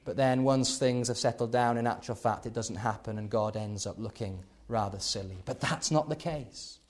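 A man preaching a sermon, building to loud emphatic peaks and then dropping low. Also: moderate pace.

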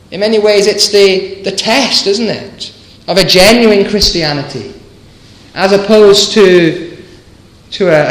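A man delivers an evening sermon in a slow, deliberate cadence, leaning on emphatic repetition and rhetorical questions. His voice sits slightly high for a man, and the sound carries a roomy echo. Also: a bit bright. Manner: earnest, emphatic, with stammered restarts and rhetorical questions. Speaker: preacher.

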